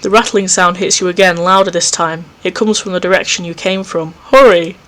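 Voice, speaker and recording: A man with a high, steady, slightly bright voice hosts a let's play from his home setup, moving at a brisk pace. As he reads the visual novel aloud, he interrupts with jumpy, self-mocking comments.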